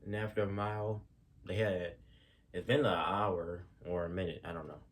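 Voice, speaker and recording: A man's voice: low voice, fairly even intonation, moderate pace. A man telling stories in a casual, rambling way, full of fillers, restarts and slang. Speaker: storyteller. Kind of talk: casual spoken storytelling.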